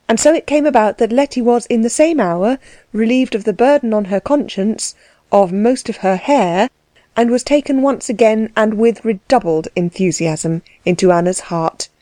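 A woman narrating a novel as an audiobook reader, in a measured, even reading style. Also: a little high, dry recording. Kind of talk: scripted narration.

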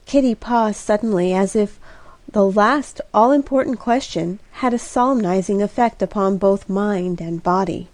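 Slow, clear woman narrating an audiobook. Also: mid-range voice, no echo. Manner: slow, clear, even reading. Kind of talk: scripted narration.

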